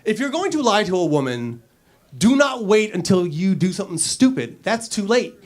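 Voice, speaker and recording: A man's voice: sits high, normal speed. A man doing a stand-up comedy set in a club, acting out little scenes with silly voices. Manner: animated, acts out characters with silly voices.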